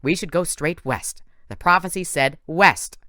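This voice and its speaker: A man's voice: fairly high pitch, bright, forceful tone, no echo, studio quality, pitched above the performer's own voice. Man doing a haughty, old-fashioned huntress. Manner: formal, haughty, slow. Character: proud, stern huntress girl, old-fashioned speech.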